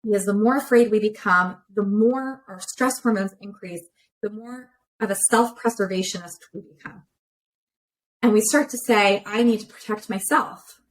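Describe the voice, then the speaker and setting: A woman therapist talks in a relaxed, explanatory way, working through ideas step by step on a remote call. She sits at a middle pitch and leans on everyday examples as she makes her points. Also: normal speed, poor audio. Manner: clear, explanatory, with many examples. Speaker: relationship therapist guest. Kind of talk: conversational interview explanation.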